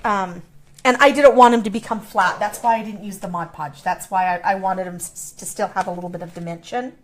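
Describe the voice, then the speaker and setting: A woman's voice: medium pitch, fairly quick, a little hiss or hum. A middle-aged woman demonstrating a craft in a chatty, playful way, explaining each step. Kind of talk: casual craft tutorial.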